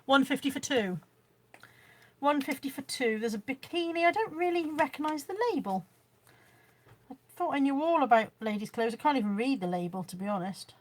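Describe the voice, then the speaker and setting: A woman's voice: sits high, animated, moderate pace. A woman chatting casually on a live stream at home, showing her haul and reading out viewer comments. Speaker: vlogger. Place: room at home.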